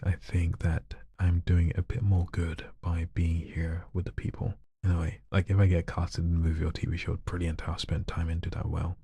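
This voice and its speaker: A man chatting casually on a live stream, soft-spoken and shy, often slipping into whispers. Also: low voice, husky, no room sound. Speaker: live streamer and hobby voice artist.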